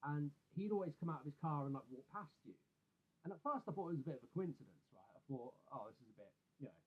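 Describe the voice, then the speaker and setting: A man's voice: fairly high pitch, breathy edge. A young man casually telling a personal story, swearing often and checking in with "right?". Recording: tinny phone-like audio.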